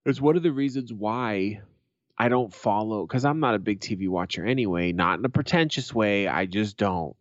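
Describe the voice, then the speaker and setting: Sweary ranting man, low voice. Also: normal speed, no room sound, lo-fi sound. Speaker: podcast co-host. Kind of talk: casual chat.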